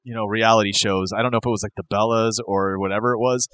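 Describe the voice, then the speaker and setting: A man hosting a casual wrestling podcast, rambling and animated, acting out quotes as he tells stories. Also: on the low side, fast, clean tone, no room sound. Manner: rambling, animated storyteller who acts out quotes. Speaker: podcast host.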